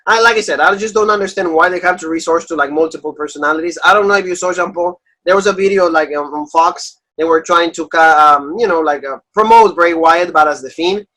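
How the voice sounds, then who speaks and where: A man's voice: a little high, fast talker, few pauses, sharp tone. A man co-hosting a wrestling podcast in casual chat, rambling with lots of filler words. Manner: rambling, many "like" and "you know" fillers.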